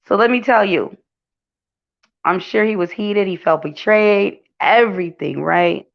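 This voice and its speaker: A gossip channel host with a mid-range, unhurried voice and some vocal fry chats through casual celebrity gossip, full of fillers and calling her viewers "y'all." The recording sounds dull and lo-fi.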